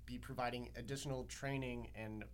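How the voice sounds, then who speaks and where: A man's voice: mid-range voice, fairly even intonation, slight background noise. Young male reporter guest, mid-range voice, careful and hesitant answers. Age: young adult. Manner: measured, hesitant, many uh fillers. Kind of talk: interview answers.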